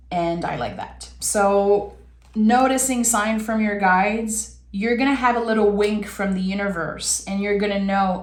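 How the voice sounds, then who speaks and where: A woman reads tarot cards in an earnest, heartfelt way, speaking directly to her viewer. Her voice sits in the middle range and carries a noticeable roomy echo. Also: medium pitch. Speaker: tarot reader. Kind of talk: tarot reading to camera.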